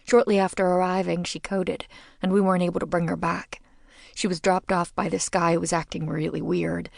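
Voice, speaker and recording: A woman voicing a brisk ER nurse. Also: lowish voice, flat delivery, vocal fry, no room sound, clean studio sound. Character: adult woman ER nurse, matter-of-fact. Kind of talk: audiobook character voice.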